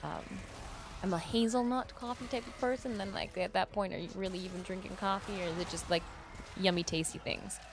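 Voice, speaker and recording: A woman's voice: mid-range voice, steady tone, a little fast, background noise. A woman chatting casually while streaming a video game, laughing often and rambling into asides at her desk mic. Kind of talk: casual chat while gaming.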